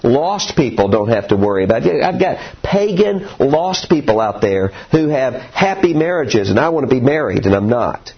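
Husky-voiced man preaching a sermon. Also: mid-range voice, moderate pace, few pauses, muffled recording. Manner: earnest, animated storytelling with acted quotes.

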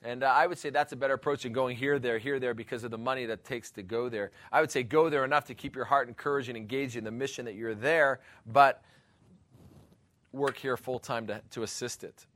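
Bright-voiced animated preacher man. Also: mid-range voice, fairly quick, dry recording. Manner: earnest, rambling, breaks into laughter and exclamations. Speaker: pastor. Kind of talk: teaching talk on missions.

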